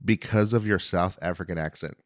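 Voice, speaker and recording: A man's voice: deep voice, a little fast, dry recording, clean studio sound. An American man hosting an interview podcast, talking in a friendly, rambling way with many restarts. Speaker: podcast host. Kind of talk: casual interview chat.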